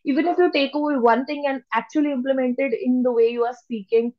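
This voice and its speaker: Woman trainer, fairly high voice, emphatic pitch shifts, muffled lo-fi online audio. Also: fairly even intonation. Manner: emphatic, deliberately shifts pitch to stress words. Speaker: public speaking trainer. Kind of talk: lecture to an online audience.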